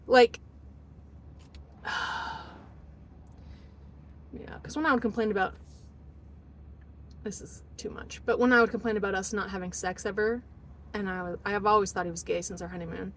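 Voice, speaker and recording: A woman's voice: on the high side, a little fast, pauses often, low-quality recording. Emotional woman telling her story in a car. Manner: rambling, emotional, acts out quotes. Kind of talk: casual storytelling monologue.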